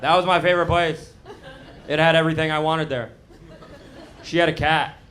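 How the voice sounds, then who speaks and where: A man's voice: fairly high pitch, steady tone, moderate pace, fairly bright tone, slight background noise. Young man with a lisp doing stand-up. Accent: American. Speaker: stand-up comedian. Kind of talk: stand-up set. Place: comedy club stage. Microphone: handheld stage mic. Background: audience laughter.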